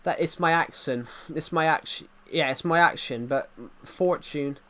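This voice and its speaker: A man's voice: a little high, moderate pace, fairly bright tone. A young man chatting casually while livestreaming a game, rambling and poking fun at himself. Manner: rambling, self-mocking, easily sidetracked. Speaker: gaming livestreamer.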